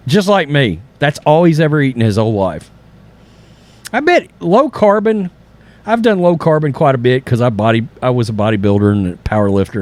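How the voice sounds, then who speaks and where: Lively, rambling man. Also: medium pitch. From Texas. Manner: rambling, animated, profane. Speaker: sports channel host. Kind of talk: casual sports commentary vlog.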